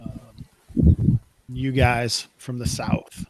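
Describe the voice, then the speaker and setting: A man narrating a tabletop game as its game master, his voice sitting at a middle pitch. He describes the scene loosely, with lots of fillers. He chuckles often along the way. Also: little pitch movement, very slow, no room sound, poor audio.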